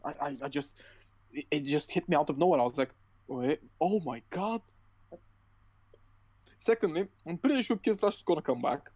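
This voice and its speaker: A man's voice: a little high, animated, quick pace, darkish tone, poor audio. A man co-hosting a podcast in casual chat, rambling and swearing often, with many fillers and restarts. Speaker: podcast co-host.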